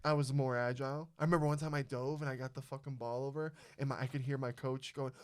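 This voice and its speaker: Smooth-voiced young man telling a story. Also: mid-range voice, fast talker. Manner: storytelling, heavy swearing, animated. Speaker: podcast host. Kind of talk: casual chat.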